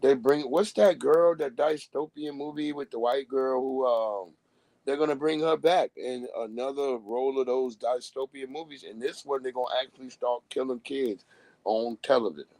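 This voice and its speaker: A man's voice: mid-range voice, moderate pace, a little mellow, no echo, low-quality recording. A man on a live stream, ranting bluntly in casual talk and acting out the voices of people he quotes. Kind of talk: casual profane rant.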